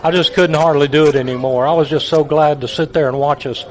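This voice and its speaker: A man, a retired stadium announcer, telling stories in a folksy, halting way with repeated words. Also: a little high, steady tone. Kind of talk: reminiscing guest on a talk show.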